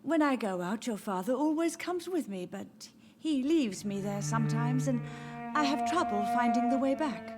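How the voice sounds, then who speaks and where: A woman's voice: a little high, lively intonation, normal speed, music in the background, lightly acted. A woman voicing a frail, confused elderly mother who speaks in a wandering, mournful way, in a video game. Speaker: game character.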